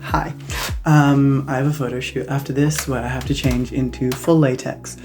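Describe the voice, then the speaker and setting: A woman's voice: a bass voice, level tone, moderate pace, a little mellow, soft background music. A young woman giving a casual, sarcastic movie review vlog, mocking and swearing freely. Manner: snarky, mocking, peppered with swearing and "like".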